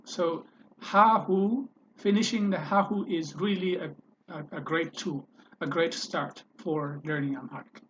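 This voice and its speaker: A man's voice: fairly high pitch, fairly even intonation, measured pace, dull audio, noisy background. A man teaching a language lesson over a screen recording, patiently repeating each pronunciation and thinking aloud as he edits his slides.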